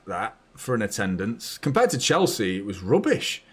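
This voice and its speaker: A man hosting a live match watchalong, chatty and blunt, bursting into excited shouts when his team scores. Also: lowish voice, normal speed, hardly any pauses, breathy edge. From north of England. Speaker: fan channel host.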